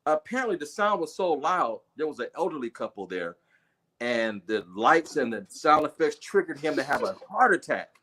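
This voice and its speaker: A middle-aged man telling a movie story on a casual livestream, animated and full of swearing. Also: a little high, normal speed. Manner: animated, profane, acts out voices. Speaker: guest storyteller.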